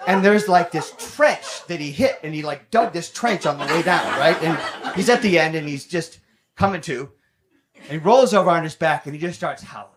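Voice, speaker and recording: A young man doing stand-up comedy, telling a self-mocking story in quick, animated bursts with some swearing, on a comedy stage with a handheld mic. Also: on the high side. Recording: loud background noise with audience laughter.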